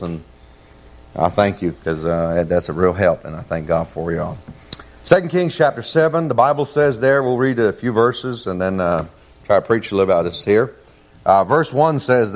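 Folksy preacher man, fillers and amens. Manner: folksy, peppered with "man" and "amen", rising in pitch when reading scripture. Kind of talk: sermon.

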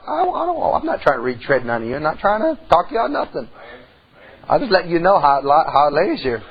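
A middle-aged man, preaching a folksy sermon that swings between loud outbursts and hushed tones. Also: fairly high pitch, husky, highs cut off. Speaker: pastor.

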